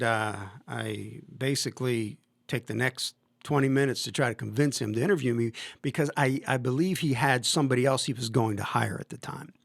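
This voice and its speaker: Gravelly-voiced man telling old stories. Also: mid-range voice, no room sound. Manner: rambling, many restarts and fillers. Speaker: football coach and podcast host. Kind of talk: casual storytelling interview.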